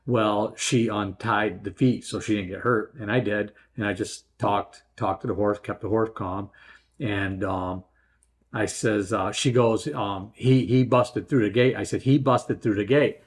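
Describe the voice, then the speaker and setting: A middle-aged man hosting a story channel, chatting casually and rambling with many fillers and restarts. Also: lowish voice. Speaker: host. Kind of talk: casual chat.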